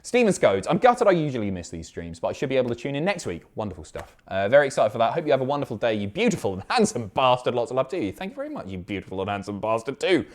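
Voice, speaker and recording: A man's voice: medium pitch, racing, few pauses. A man in his thirties hosts a live stream, chatting casually and reading out viewer messages. His voice swings widely up and down as he jokes and swears through the banter. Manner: animated, sweary, banter-filled.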